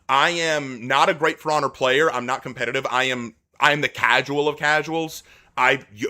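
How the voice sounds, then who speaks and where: Male streamer, casual live chat, excitable and rambling, bright voice. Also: mid-range voice. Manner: excitable and rambling, repeats himself. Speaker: content creator streaming live.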